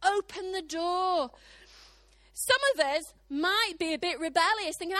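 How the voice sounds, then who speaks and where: A middle-aged British woman preaching a sermon, animated, acting out the voices of God and the people in her stories. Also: very high voice, unhurried, no room sound. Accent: British English.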